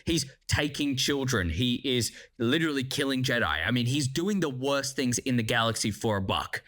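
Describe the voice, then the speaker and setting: A man giving a casual spoken review of a series, animated and excitable, swearing freely as he talks. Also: fairly high pitch. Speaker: show reviewer.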